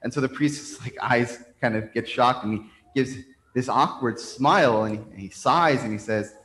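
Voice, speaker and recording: A man's voice: mid-range voice, moderate pace, a bit bright. Man telling a sermon story in an echoing church. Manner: conversational with frequent restarts. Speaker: priest. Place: church sanctuary. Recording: roomy church reverb.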